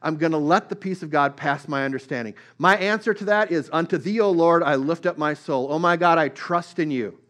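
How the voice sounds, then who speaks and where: Man, sermon delivery, raised pitch, earnest, soft then emphatic. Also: brisk, hardly any pauses. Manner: earnest, builds from soft storytelling to rising emphatic preaching. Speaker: preacher.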